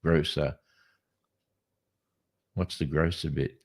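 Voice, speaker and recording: Slow and breathy-edged, his voice rumbles low as this Western Australian podcast co-host chats casually. His stories ramble along with lots of restarts, told in an animated way.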